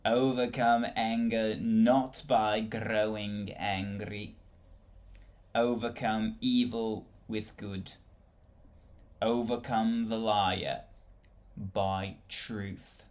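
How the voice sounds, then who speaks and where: A man putting on an accent to recite ancient wise sayings slowly and loudly, like a solemn sage. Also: fairly low pitch, little pitch movement. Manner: slow, loud, put-on accent.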